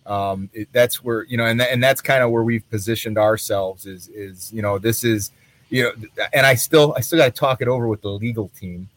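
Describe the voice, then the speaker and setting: A man's voice: lowish voice, brisk, fairly bright tone. A man from a gear company chatting casually, repeating and restarting his phrases. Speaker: company representative. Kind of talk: casual chat.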